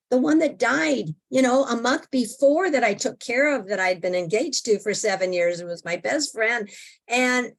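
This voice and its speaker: An older woman, an interview guest, telling a personal story in an animated, expressive way and acting out her own thoughts. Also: a little high, normal speed.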